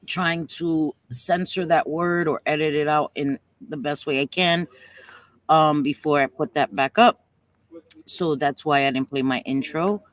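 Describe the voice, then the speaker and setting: A woman's voice: low voice, no echo. A woman hosting a casual livestream, chatty and affectionate with viewers, at times fighting back tears. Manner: chatty, calls viewers sweetie pie. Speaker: livestream host.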